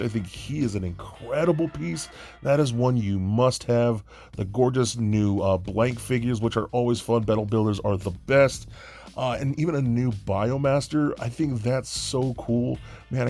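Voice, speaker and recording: A man reviewing action figures with excited, gushing enthusiasm, stumbling over fillers and restarts. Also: medium pitch. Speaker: toy reviewer.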